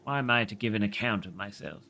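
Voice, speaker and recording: A man voicing a polite, formal young gentleman in a storybook reading. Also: fairly low pitch, quick pace, slight background noise. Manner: formal and courteous.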